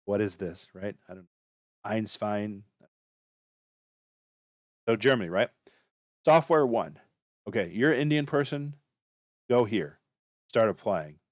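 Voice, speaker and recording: Low-voiced rambling man giving advice. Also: lively intonation, moderate pace, long pauses, dry recording, clean studio sound. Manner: rambling, filler-heavy, chatty. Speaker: channel host giving career advice. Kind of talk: casual advice talk.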